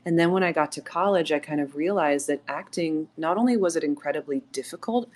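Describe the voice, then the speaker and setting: A woman's voice: sits low, fairly quick. A woman actress guesting on a live audio chat, telling stories animatedly, laughing often and acting out quotes. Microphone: remote audio call mic.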